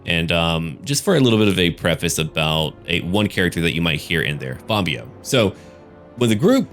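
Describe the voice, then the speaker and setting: Deep voiced gamer guy chatting about his channel, rambly, swears a bit. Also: sing-song, brisk, fairly bright tone, faint music behind. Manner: rambling, loose, with casual swearing. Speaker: gaming YouTuber and game master. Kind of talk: casual channel update.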